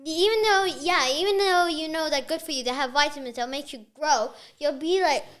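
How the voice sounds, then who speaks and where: A woman's voice: sits high, moderate pace, a bit bright. A young girl being interviewed about her podcast, talking earnestly with many fillers. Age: child. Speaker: podcast guest. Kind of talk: casual interview chat.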